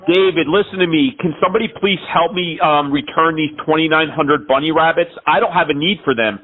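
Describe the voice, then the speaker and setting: A man with a high voice makes a prank call and rambles through one exaggerated complaint after another. The sound is thin and narrow, the way a phone line sounds. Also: brisk. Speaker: scambaiter prank caller.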